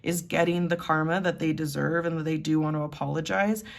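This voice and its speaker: A woman's voice: low voice, steady tone, fairly quick, gravelly. A woman doing a casual tarot reading, chatty and giggly, with lots of "like". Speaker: tarot reader.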